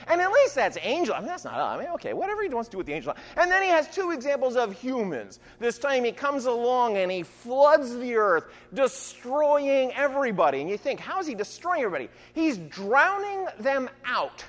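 A lively preacher whose pitch rises and falls widely, working through a passage with rhetorical questions and quick asides. The voice rings out with a long reverb, as in a large sanctuary. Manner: restarts with "I mean". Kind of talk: conversational sermon.

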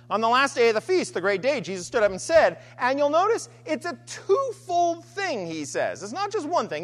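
Lady preacher giving a sermon, voice swoops way up and down, lots of repeated lines and questions, big hall echo. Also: medium pitch. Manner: repetitive rhetorical questions and refrains. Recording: long hall reverb.

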